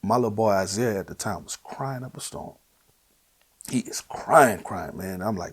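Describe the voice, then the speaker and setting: A man with a New Orleans accent telling his personal testimony, earnest and emotional, at times sinking to a hushed near-whisper. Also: on the low side, animated, moderate pace, husky. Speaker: guest sharing his testimony.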